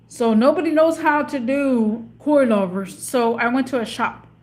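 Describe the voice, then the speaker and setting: Female vlogger, slightly high voice, meandering casual car talk. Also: unhurried, a little mellow. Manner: chatty, meandering, searches for words. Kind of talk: casual rambling monologue. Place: in or beside a parked car.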